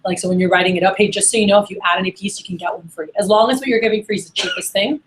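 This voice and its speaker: A middle-aged woman sales manager giving an energetic sales training workshop and acting out phone conversations. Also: mid-range voice, racing, a little hiss or hum, rough recording. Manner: energetic, acts out phone dialogues.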